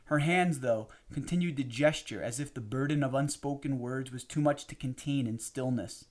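A man narrating a memoir audiobook in a measured, steady reading. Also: mid-range voice.

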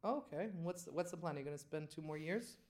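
Woman host, low voice, teasing and blunt interviewer. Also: fast talker, a little mellow. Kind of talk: casual chat.

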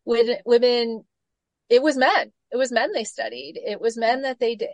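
A woman in her forties, a gut health coach, telling stories with lively acted-out quotes in a casual interview. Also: fairly high pitch, moderate pace, dry recording. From Michigan, United States. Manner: animated storytelling, acts out quoted voices.

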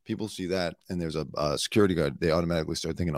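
A man hosting a casual comedy news show, talking bluntly in a hoarse voice, swearing and drifting into asides. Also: deep voice, fairly even intonation, very fast, hardly any pauses, dry recording, clean studio sound. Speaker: show host and former celebrity news producer.

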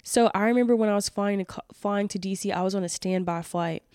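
A woman's voice: mid-range voice, fast talker, darkish tone, clean tone, no echo. A woman in her late twenties hosts a solo podcast, talking straight into a close mic with a dry, unroomy sound. She talks in a mid-range voice, earnest and emotional. Her thoughts come with fillers, restarts and repeated words. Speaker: podcast host.

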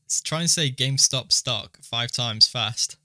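A man's voice: medium pitch, a little slow, sharp tone, no room sound, clean studio sound. A young man co-hosting a casual podcast, explaining things step by step. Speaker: podcast co-host.

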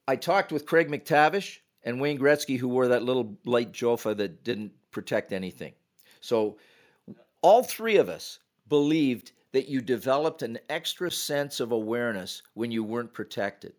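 An older man from Canada tells stories from his refereeing days as a podcast guest. He talks in an animated way, acting out the people he quotes. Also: medium pitch, unhurried. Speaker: retired NHL referee, guest. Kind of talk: podcast storytelling.

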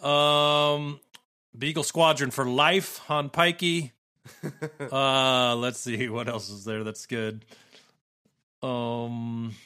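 A man's voice: mid-range voice, level tone, drawn-out words, long pauses, sharp tone, clear, resonant tone. A man co-hosting a podcast in casual chat, reading listener messages aloud, laughing often while sick with a cough and fighting to keep his voice. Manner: laughing often, rambling and joking. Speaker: podcast co-host.

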